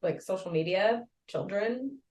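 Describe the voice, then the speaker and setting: Woman, mid pitch, lively casual chat, roomy sound, a bit off-mic. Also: unhurried, far from the mic, a crowd in the background. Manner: lively, laughs often. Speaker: podcast co-host.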